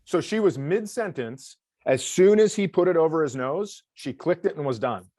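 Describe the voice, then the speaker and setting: A man's voice: fairly high pitch, lively intonation, moderate pace, mellow, dry recording. Middle-aged man, comedian guest, dry storyteller, close dry mic. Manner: dry storyteller, acts out the other people in his stories. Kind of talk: casual comedic chat.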